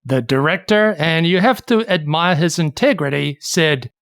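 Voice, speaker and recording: A podcast co-host explaining history in a steady, storytelling way. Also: mid-range voice, moderate pace, no echo, studio quality. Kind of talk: casual history podcast chat.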